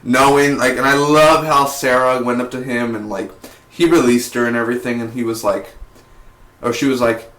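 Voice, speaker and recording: Young man, casual episode review, rambling, excitable, roomy echo. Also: mid-range voice, moderate pace. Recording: echoey room.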